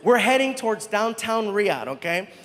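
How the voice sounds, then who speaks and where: A man telling a stand-up story in an animated way, acting out the people in it. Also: high-pitched, moderate pace, big-room sound. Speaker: stand-up comedian.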